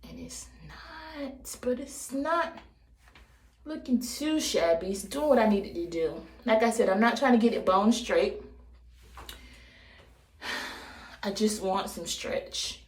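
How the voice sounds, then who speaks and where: A woman's voice: medium pitch, expressive, takes it slowly, long pauses, a little hiss or hum. A woman in her thirties chatting casually on camera as she does her hair, playful and jokey, talking straight to her viewers. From United States. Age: 30s. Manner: playful, jokey, talks to viewers as "baby" and "y'all". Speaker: hair vlogger. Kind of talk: casual chat while styling hair on camera. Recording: echoey room.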